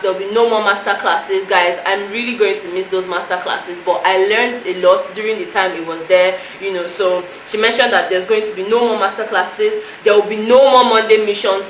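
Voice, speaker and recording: A woman's voice: mid-range voice, a bit bright. A woman recapping a reality show to camera in a chatty, emotional way, full of "you know" fillers. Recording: echoey room with faint noise.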